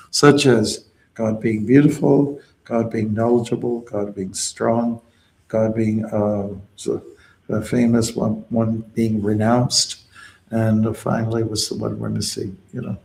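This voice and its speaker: Man, devotional teacher, gravelly voice, patient explanations, call-and-response chanting. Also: fairly low pitch, flat delivery, unhurried, a little mellow, poor audio. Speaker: devotional teacher leading kirtan.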